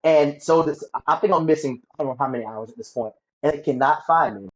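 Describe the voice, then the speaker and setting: Male guest, higher-pitched, stammering storyteller who voices the people he quotes, muffled recording. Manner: halting, repeats words, acts out quoted voices. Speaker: guest sharing his story. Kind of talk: emotional personal storytelling.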